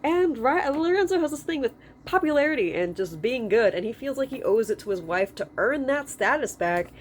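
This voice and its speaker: A woman's voice: high-pitched, animated, brisk, slight background noise. A woman telling a character's backstory in a casual, rambling chat. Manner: rambling, lots of fillers and restarts. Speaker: video creator discussing a character.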